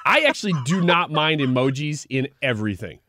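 A man co-hosting a casual chat show, chatty and quick to laugh. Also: on the high side, big pitch swings, sharp tone, dry recording. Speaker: podcast co-host.

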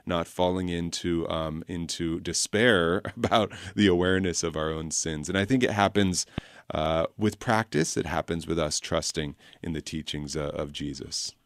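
A man, a priest guest-hosting a call-in radio show, speaking in a gentle, reassuring pastoral way with a slightly raspy voice. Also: sits low, moderate pace, no echo.

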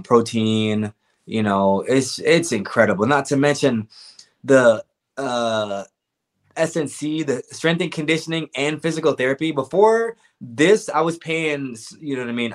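A young man, a fighter guest, talking casually in an interview, laid back and rambling with lots of fillers. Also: medium pitch.

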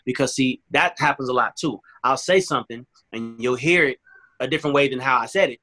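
A man's voice: medium pitch, quick pace, sharp tone, soft background music. A man guest in a candid interview, talking earnestly and acting out both sides of an argument as he tells it.

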